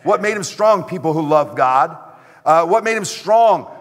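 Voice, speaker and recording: Middle-aged male pastor, fairly high voice, emphatic sermon delivery with repeated rhetorical questions, long church reverb. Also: expressive, measured pace. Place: church sanctuary.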